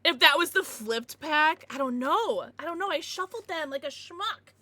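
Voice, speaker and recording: A young woman streaming live, chatting casually as she opens trading cards, excitable and giggly with bursts of squealing. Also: high-pitched, normal speed. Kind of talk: casual livestream chat while opening cards.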